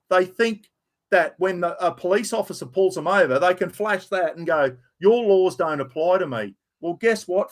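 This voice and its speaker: A middle-aged Australian man telling a heated story to camera, blunt and full of swearing. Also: fairly high pitch. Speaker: vlogger. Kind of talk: casual rant to camera.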